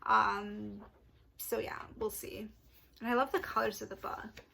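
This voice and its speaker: A young woman chatting casually to camera about books she plans to read, excitable and quick to apologise. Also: mid-range voice, creaky, a little hiss or hum. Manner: chatty, excitable, apologetic asides, laughs often. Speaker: book vlogger. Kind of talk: casual book chat to camera.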